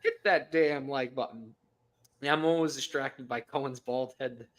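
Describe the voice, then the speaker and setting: A man co-hosting a casual sports podcast, loud and jokey, swearing freely as he gives his picks. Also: medium pitch, unhurried. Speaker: podcast co-host.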